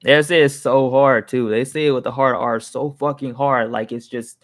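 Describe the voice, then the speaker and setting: A man's voice: medium pitch, steady tone, moderate pace. A young man venting in a casual, rambling monologue, heated and swearing freely, often restarting his sentences. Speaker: vlogger.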